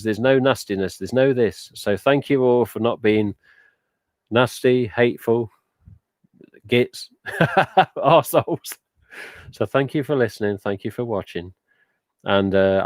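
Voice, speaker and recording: Chatty man, low and dry. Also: no echo. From England. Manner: chatty and rambling, with frequent "uh" and "but yeah". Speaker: live stream host. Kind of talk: casual live-stream chat, reading out viewer comments.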